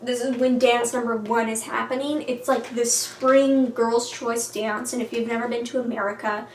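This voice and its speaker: Young woman vlogging, lots of "like", bit high voice, faint room hum behind her. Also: fairly even intonation, recorded from a distance. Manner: chatty, many "like"s, acts out quotes in quick voices. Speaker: book vlogger. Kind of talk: casual recap to camera. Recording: echoey room with faint ambience.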